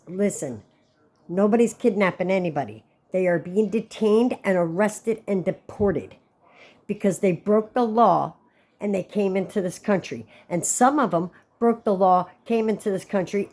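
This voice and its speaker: A woman's voice: mid-range voice, a little mellow. A woman hosting her own channel, giving blunt, opinionated commentary in a casual vlog. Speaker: channel host.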